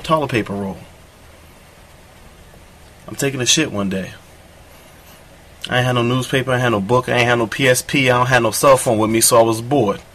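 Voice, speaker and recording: A man's voice: mid-range voice, brisk, pauses often, fairly bright tone, slight background noise. A man doing a crude comedic monologue, telling a rambling, profane story in a boastful tone.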